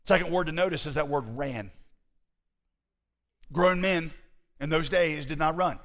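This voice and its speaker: A man preaching a sermon as pastor, animated and conversational with his congregation. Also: on the high side, measured pace. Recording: hall reverb.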